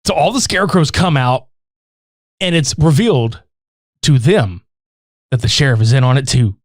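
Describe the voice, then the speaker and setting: A man's voice: mid-range voice, moderate pace, dry recording, clean studio sound. A man recapping a horror movie in casual, profane chat, acting out the characters' lines. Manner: animated, swearing, acts out characters' lines.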